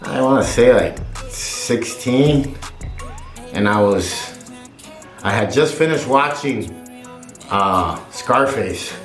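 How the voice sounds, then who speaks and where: A man's voice: medium pitch, expressive, slow pace, pauses often. A man vlogger chatting casually in a laid-back way, swearing casually. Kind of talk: casual chat. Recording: roomy with faint music.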